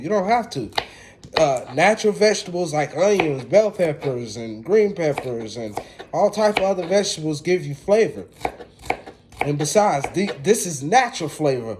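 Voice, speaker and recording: A man's voice: fairly high pitch, noisy background. A man, chatting casually to viewers in a laid-back way while he cooks. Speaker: home cook. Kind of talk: casual cooking vlog.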